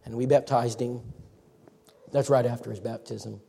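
A man's voice: mid-range voice, steady tone, moderate pace, creaky, mellow, breathy edge. A man preaching a folksy, story-driven sermon. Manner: folksy storytelling, acts out quotes. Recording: reverberant church hall.

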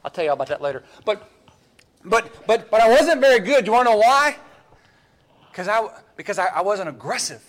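A man preaching a sermon as pastor, emphatic and animated, often repeating words as he swings between loud pushes and hushed asides. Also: sits high, a little fast.

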